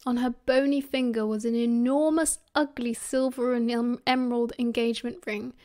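A young woman with a British accent reads the story aloud, pitching her voice a touch high. She leans into each character's lines with lively, animated voices as she narrates. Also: normal speed. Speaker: audiobook narrator. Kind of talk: fan audiobook reading.

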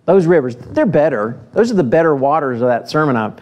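A man's voice: fairly high pitch, brisk, highs cut off. Preacher man reading scripture aloud. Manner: reads scripture with lively acted voices, then talks plainly to the congregation; asks the listeners direct questions. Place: church.

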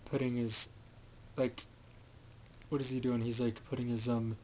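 A man's voice: medium pitch, flat delivery, unhurried, mellow, a little hiss or hum, poor audio. A man giving a casual, rambling recap of a film, with many fillers and restarts. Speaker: film reviewer.

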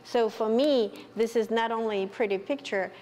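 A woman, a professor, telling anecdotes in a lively way during a lecture. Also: a little high, moderate pace. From Russia. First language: Russian. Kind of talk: lecture discussion. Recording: reverberant hall, faint noise.

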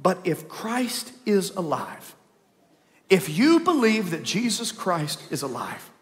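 A man preaching a lively Easter sermon in a church, swinging between loud calls and hushed storytelling. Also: high voice. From Texas. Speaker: pastor. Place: church sanctuary, live service. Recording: long church hall reverb.

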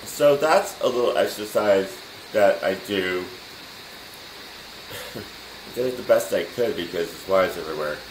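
A man's voice: low voice, expressive, unhurried, long pauses. Easygoing man teaching in an echoey room. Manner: laid-back, chuckles often, repeats himself. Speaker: DJ and music production teacher. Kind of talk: casual spoken lesson. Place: home studio room with computer. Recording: roomy room echo, faint noise.

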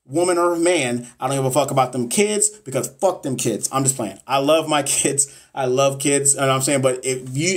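A man in mid-pitch hosting a casual livestream as a nursing exam coach. He talks bluntly and swears freely while pushing his viewers to take action. His tone is motivational and direct.

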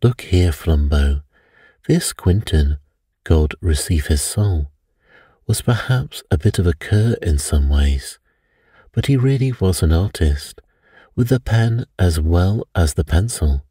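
A man voicing a calm, thoughtful middle-aged priest detective who reasons things out in an unhurried way, read for an audiobook. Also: deep voice, breathy edge, dry recording, studio quality, heavily acted. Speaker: priest sleuth. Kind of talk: audiobook character reading.

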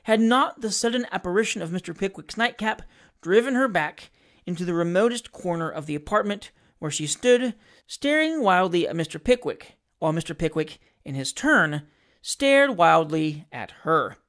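A woman reading a classic novel aloud as narrator, in a measured, expressive storytelling manner. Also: lowish voice. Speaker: audiobook narrator.

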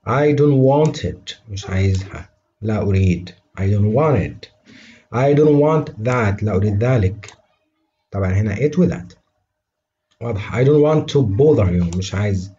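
Low-voiced man teaching English. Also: dark tone, dull audio, a little hiss or hum. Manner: models each English phrase slowly and clearly, then translates it quickly into Arabic. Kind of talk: English vocabulary lesson.

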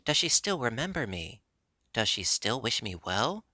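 A man voicing an earnest wooden puppet boy in a storybook reading, pleading and excitable. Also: mid-range voice, unhurried, no room sound, heavily acted. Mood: eager.

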